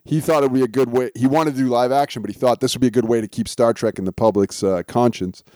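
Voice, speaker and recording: A man co-hosting a casual podcast, relaxed as he shares trivia with small chuckles. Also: mid-range voice, fast, dry recording, clean studio sound. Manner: relaxed storytelling of show trivia, chuckles often. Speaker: podcast co-host.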